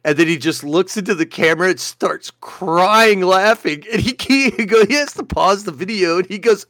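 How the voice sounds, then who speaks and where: A man's voice: normal speed, hardly any pauses, no room sound, clean studio sound. A man co-hosting a casual podcast chat, telling stories animatedly and laughing often. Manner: animated storyteller, acts out quotes with loud high shouts. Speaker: podcast co-host.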